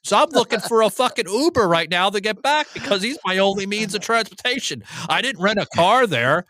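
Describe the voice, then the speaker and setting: A man hosting a casual podcast, telling a story in a profane and animated way. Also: high voice, fairly quick, a little hiss or hum. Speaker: host.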